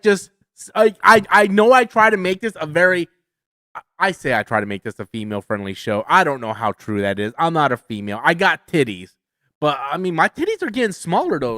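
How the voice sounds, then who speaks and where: A man's voice: sits high, fairly bright tone, dry recording. A man hosting a livestream Q&A, ranting in a casual, profane way. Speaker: livestream host. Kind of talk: livestream Q&A chat.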